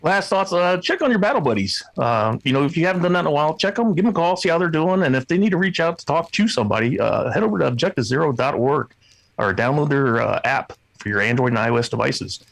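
Gravelly man speaking earnestly on a podcast. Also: a little high, lively intonation, no room sound. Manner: earnest, halting, many fillers. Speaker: podcast co-host. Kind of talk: casual chat.

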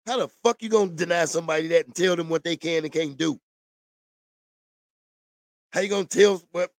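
A man's voice: sits high, fairly quick, long pauses, no room sound. Blunt, profane ranting man. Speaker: vlogger. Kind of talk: ranting monologue to camera. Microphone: camera mic.

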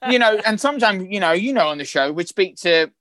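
A man with a London accent, a guest actor chatting in a rambling, halting way with many restarts. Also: high voice, lively intonation, a bit bright, dry recording. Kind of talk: casual chat.

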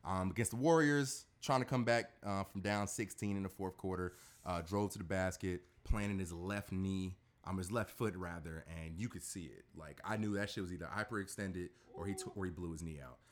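A man's voice: deep voice, moderate pace, few pauses. A man hosting a casual sports podcast, rambling with fillers and swearing freely.

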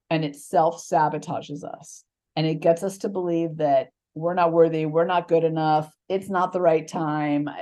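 A woman's voice: fairly low pitch, darkish tone. A woman hosting a podcast, giving a motivational talk in a conversational storytelling way with asides. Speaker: podcast host.

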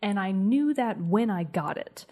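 A woman's voice: medium pitch, unhurried. Chatty woman in her twenties. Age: 20s. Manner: chatty, self-mocking, builds to excited stories. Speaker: podcast co-host. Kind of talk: casual chat.

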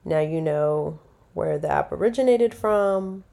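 Woman, casual podcast host, rambling, self-correcting, slightly low voice. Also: unhurried, creaky, mellow. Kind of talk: casual solo podcast talk.

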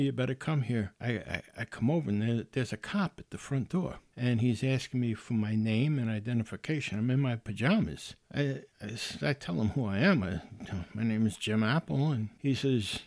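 A man's voice: mid-range voice, a little mellow, no echo. A man telling a personal ghost story in a casual way, stumbling into restarts and acting out what others said. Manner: casual, with repeated restarts and acted-out quotes.

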